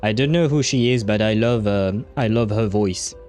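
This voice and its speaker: A man hosting a livestream, casually commenting on a game as he plays, chatty and quick to laugh, with occasional swearing. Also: fairly low pitch, a little mellow, soft background music. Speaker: livestream host playing a game.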